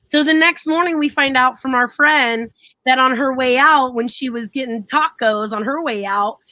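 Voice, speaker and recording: A young woman co-hosting a casual live stream, telling animated stories and laughing often as she acts out what people said. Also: sits high, normal speed, no room sound. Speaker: co-host.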